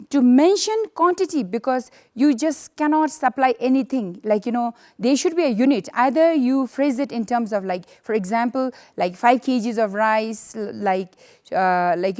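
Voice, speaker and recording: Female teacher from Bhutan, high pitch, patient lesson delivery with repeated fillers. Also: darkish tone. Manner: explains slowly with many fillers and repetitions. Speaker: economics teacher. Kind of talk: recorded classroom lesson.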